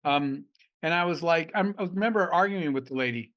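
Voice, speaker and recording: High-voiced man telling lively stories. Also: a little fast, highs cut off. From Arizona. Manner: animated anecdotes, acting out quoted dialogue. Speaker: entrepreneur guest. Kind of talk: storytelling in a podcast interview.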